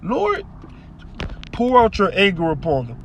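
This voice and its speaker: A man's voice: sits high, wildly swooping pitch, measured pace, fairly bright tone, highs cut off, a little hiss or hum, pitched above the performer's own voice, heavily acted. A man doing an indignant, strained prophet. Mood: aggrieved, pleading. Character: angry pleading male prophet.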